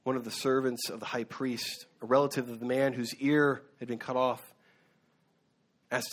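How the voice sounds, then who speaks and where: A man's voice: medium pitch, level tone, moderate pace. A man preaching a sermon as a pastor, earnest, with occasional fillers and restarts. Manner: earnest, with fillers and self-corrections.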